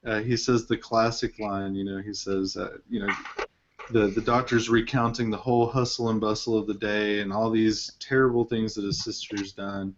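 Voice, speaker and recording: A man's voice: on the low side, flat delivery, moderate pace, slight background noise. A man hosting a casual film discussion, rambling with lots of fillers and restarts. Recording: dull lo-fi recording.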